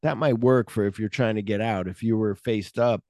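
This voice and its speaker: Man, lowish voice, mellow tone, dry close sound, casual podcast co-host, animated scene retelling, hums music bits. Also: normal speed, dry recording. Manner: swears casually. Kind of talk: casual film discussion.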